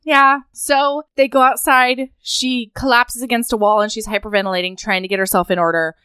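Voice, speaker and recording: A woman co-hosting a casual podcast, retelling a novel's plot with animated, frequent laughter and acted-out character lines. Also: on the high side, normal speed, clear, resonant tone, no echo, clean studio sound. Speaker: podcast co-host. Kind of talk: casual chat recapping a novel.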